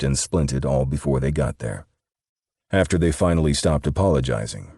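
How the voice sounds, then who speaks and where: A man reading an audiobook in steady, measured scripted narration. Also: rumbling low, husky, no echo, studio quality.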